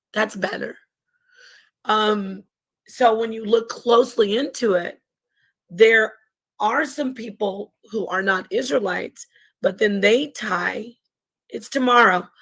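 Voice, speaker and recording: A woman livestreamer chats casually through a livestream mic, rambling, fixing her sentences halfway through and laughing a lot. Her voice sits at medium pitch with a fairly bright tone, and the recording is rough.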